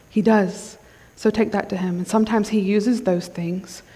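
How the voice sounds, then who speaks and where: Chatty woman preaching in an echoing hall. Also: medium pitch. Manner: conversational, checks in with the crowd. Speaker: conference speaker. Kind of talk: sermon. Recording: long hall reverb.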